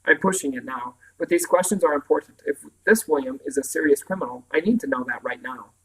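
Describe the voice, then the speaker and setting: A man reading a novel aloud in the first person, telling the story in a calm, even way. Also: fairly high pitch, a little fast, poor audio. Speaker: audiobook reader. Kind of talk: first-person audiobook narration.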